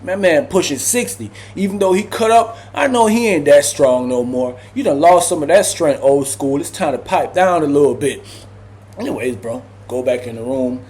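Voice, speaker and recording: Animated storyteller man. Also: a little high, moderate pace. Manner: animated, slangy, acts out quotes. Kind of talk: casual prison storytime.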